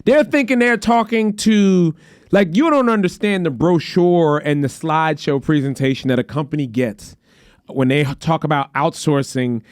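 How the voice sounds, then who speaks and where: High voiced guy on a podcast, cussing a lot, telling stories, dry close mic. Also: moderate pace, no echo. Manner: profane, animated storytelling. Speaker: podcast host. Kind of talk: casual chat.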